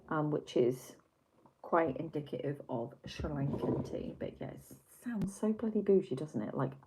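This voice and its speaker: Livestreaming from home through a computer mic, this Yorkshire-accented Englishwoman chats casually with her viewers, swearing freely and poking fun at herself. Her voice sits low, with a little hiss or hum.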